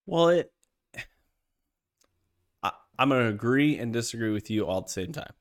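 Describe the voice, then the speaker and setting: A man co-hosting a golf podcast, telling a story in casual chat with heavy swearing and animated delivery. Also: mid-range voice, moderate pace. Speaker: podcast co-host.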